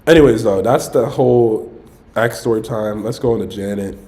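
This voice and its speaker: A man's voice: on the low side, moderate pace, warm tone, slight background noise. A young man on a casual livestream, telling a dating story in a loose, rambling way and saying "bro" constantly. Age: young adult. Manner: rambling, self-interrupting. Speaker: streamer.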